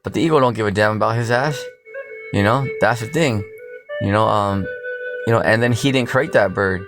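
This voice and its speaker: A man's voice: fairly low pitch, normal speed. A man giving an informal scripture commentary, rambling and blunt, full of "you know" fillers and slang. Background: music playing underneath.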